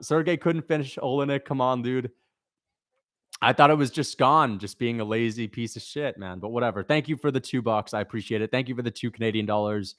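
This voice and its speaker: A man's voice: medium pitch, fairly bright tone, dry recording, clean studio sound. A young man hosting a livestream, reacting and reading chat messages, frustrated and swearing, repeating himself as he vents.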